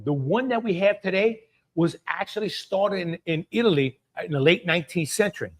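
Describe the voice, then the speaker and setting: A middle-aged man with a Cajun accent hosting a live cooking stream, talking in a folksy way and greeting viewers by name. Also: high-pitched. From Louisiana. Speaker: cooking show host.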